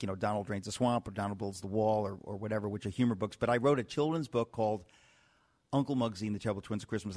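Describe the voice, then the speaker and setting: A man from New York hosting a radio talk show, telling stories in a lively, animated way with many restarts. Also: fairly low pitch. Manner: animated storytelling with frequent restarts. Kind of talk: casual radio chat.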